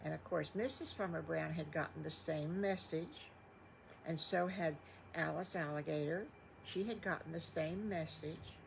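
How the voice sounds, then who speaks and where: A woman's voice: deep voice, a little slow, vocal fry, slight background noise, poor audio. An older woman telling improvised children's stories, folksy and rambling. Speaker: grandmother storyteller. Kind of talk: improvised bedtime storytelling.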